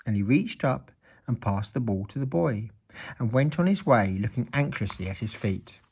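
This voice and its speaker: A man reading a children's story aloud in an expressive, playful way. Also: medium pitch, moderate pace, a little hiss or hum.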